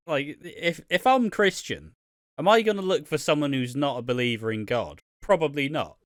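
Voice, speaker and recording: A man's voice: mid-range voice, animated, moderate pace, no echo, clean studio sound. A man from Wales co-hosting a podcast, chatting casually, swearing freely and laughing often as he rambles. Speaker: podcast co-host. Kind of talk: casual chat.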